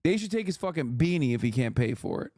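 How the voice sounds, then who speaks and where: A man's voice: mid-range voice, very animated, fairly quick, warm tone, no echo, studio quality. A male streamer reacting to a clip, mocking and heated, swearing often. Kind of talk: profane, sarcastic streamer commentary.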